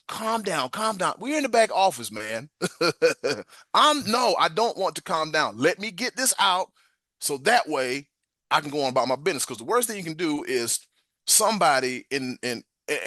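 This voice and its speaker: Forceful bright-voiced male podcast host. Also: on the high side, no echo, studio quality. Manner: stumbles over the reading, then animated and emphatic. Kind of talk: reading a self-help text aloud, then casual venting talk.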